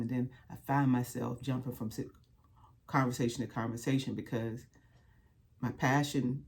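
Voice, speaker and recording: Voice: mid-range voice, a little mellow. A speaker with a mid-range voice talks straight to the camera about hard experience. The delivery is earnest and plainly colloquial. It builds through repeated phrases in a preacher-like rhythm. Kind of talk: heartfelt direct-to-camera talk.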